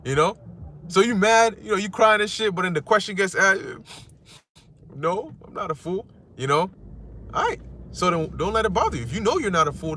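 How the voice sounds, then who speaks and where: A man preaching a casual street-style sermon, animated and slangy, sometimes mocking other people's words. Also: slight background noise. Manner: animated, slangy, acts out insults in a squeaky mocking voice.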